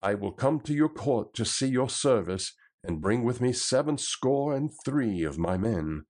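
A man's voice: medium pitch, expressive, a little slow, darkish tone, lightly acted. A man reading the part of a bold outlaw leader, speaking in raised, emphatic old-fashioned phrasing.

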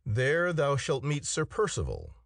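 A man's voice: medium pitch, huge pitch swings, unhurried, creaky, fairly bright tone, dry recording, clean studio sound, pitched above the performer's own voice, exaggerated voice. A man voicing a commanding heavenly voice in a storybook reading, solemn and firm.

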